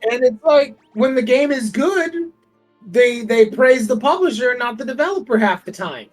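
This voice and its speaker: Man, high pitch, nerdy lore explainer, casual gaming chat. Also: expressive, moderate pace, faint music behind.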